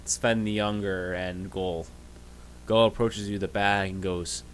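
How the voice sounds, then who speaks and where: A man narrating as game master in a casual, halting way, full of fillers. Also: lowish voice, fairly even intonation, a little hiss or hum.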